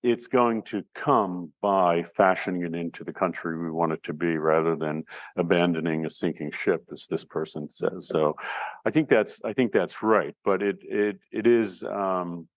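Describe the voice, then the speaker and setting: Male instructor, very low voice, conversational lecture style with fillers, dry close recording. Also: steady tone, normal speed, no echo. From United States. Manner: conversational, thinking aloud with fillers and restarts.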